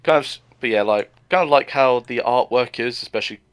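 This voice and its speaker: A man's voice: mid-range voice, fairly quick, smooth. A man co-hosting a casual comic review chat, rambling with lots of fillers and chuckles.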